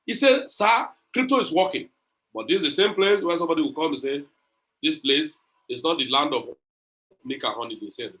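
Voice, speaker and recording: A man's voice: on the high side, animated, brisk, sharp tone. A man leading an online crypto community session, talking in a preachy, motivational way, repeating phrases and retelling conversations.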